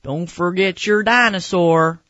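A woman's voice: lowish voice, a little slow, a bit bright, no echo, dull audio. A woman voicing a friendly bakery lady in a storybook reading, cheery and reassuring.

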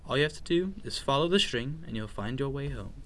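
A man voicing a bold young female mouse who talks briskly and reassuringly. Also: medium pitch, expressive, a bit bright.

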